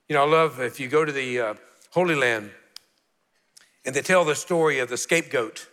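A man's voice: medium pitch, moderate pace, a bit bright, in a large hall. A man in his sixties, a pastor preaching a sermon with earnest storytelling and repeated key phrases. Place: church sanctuary.

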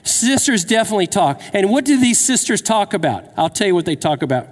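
A man's voice: high voice, lively intonation, brisk. A man in his fifties preaching a sermon, telling a personal story and asking the crowd questions, with jokes along the way. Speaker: pastor. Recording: long hall reverb.

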